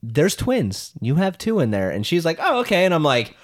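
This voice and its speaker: A man's voice: a little high, normal speed, slight background noise. A man co-hosting a podcast, telling stories in casual chat and acting out the people he quotes, often laughing. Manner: animated storyteller who acts out quotes, laughing often. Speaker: podcast co-host.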